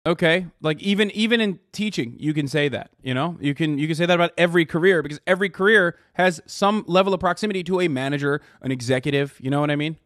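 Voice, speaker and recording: Bright-voiced male streamer, sarcastic and swearing, dry close sound. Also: a little high, fast talker, few pauses, no echo. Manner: profane, sarcastic, exasperated. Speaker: streamer reacting to clips. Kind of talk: casual commentary.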